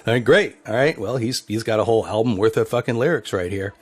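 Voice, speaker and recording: A man's voice: on the low side, fast talker. A man from a band telling a profane road anecdote in a documentary interview. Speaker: band member.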